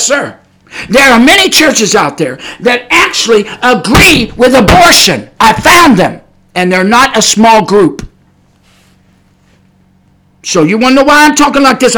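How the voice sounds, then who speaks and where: This podcast sermon comes from a man with an extremely high-pitched voice. His style is blunt and folksy, packed with rhetorical questions and sudden bursts of shouting.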